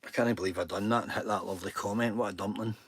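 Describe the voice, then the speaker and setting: A man's voice: fairly low pitch, steady tone, rapid-fire, slightly rough. A Scottish man hosting a casual live stream, talking earnestly and poking fun at himself. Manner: earnest and self-deprecating, chatty. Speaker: livestream host.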